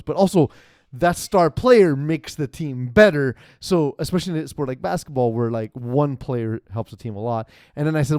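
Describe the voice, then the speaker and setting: Male podcast host, young, mellow tone, rambling and self-mocking, dry close mic. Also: mid-range voice, dry recording. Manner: rambling, self-deprecating, quick asides. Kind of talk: casual sports podcast chat.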